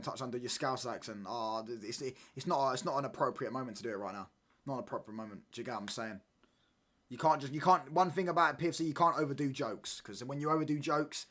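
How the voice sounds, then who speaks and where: A man's voice: mid-range voice, a bit bright. A man, chatting casually on a football watchalong stream and often asking "do you get what I'm saying?". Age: 20s. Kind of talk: casual live-stream chat.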